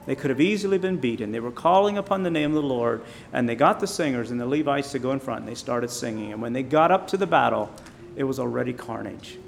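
Gravelly preacher with emphatic rises. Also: male voice, medium pitch, a little hiss or hum. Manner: emphatic, rising loud on key phrases, slowing on quiet points. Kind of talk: informal sermon.

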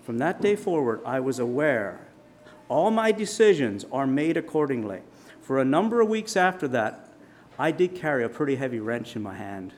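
A man delivers a sermon through a long personal story, voice at a middle pitch. He tells it vividly, getting loud at tense moments and dropping low for reflection. Faint background noise sits under the voice. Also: sing-song, normal speed. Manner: vivid storyteller, dramatic shouts in quotes. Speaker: preacher.

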